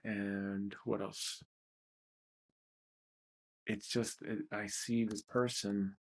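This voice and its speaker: A man's voice: lowish voice, level tone, drawn-out words. A man hosting a livestreamed self-help session, talking in a blunt, profane, emotionally raw way. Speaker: host of a tapping session.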